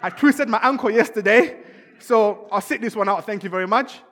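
A cheeky soldier with a British accent, as a preacher plays him, who weasels out of a fight with a breezy, polite excuse. His voice is fairly high and light. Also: normal speed, fairly bright tone. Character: cheeky male soldier faking an injury.

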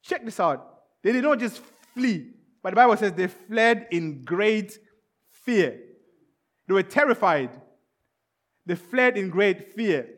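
A preacher with a notably high-pitched voice delivers an emphatic sermon. He repeats his key points and often slips into acted-out scenes. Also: expressive, slow, long pauses, a bit bright. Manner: repetitive, emphatic, acts out scenes.

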